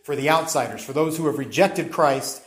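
A man's voice: fairly high pitch, moderate pace, roomy sound. A man preaching a sermon, teaching in a conversational way with some restarts and reading scripture aloud to the congregation. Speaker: pastor.

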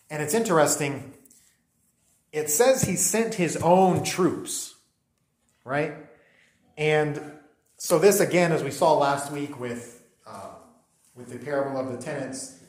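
A man preaching a sermon in a relaxed, conversational way, with many fillers and restarts, often asking his listeners to agree. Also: mid-range voice. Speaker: pastor. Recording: echoey hall.

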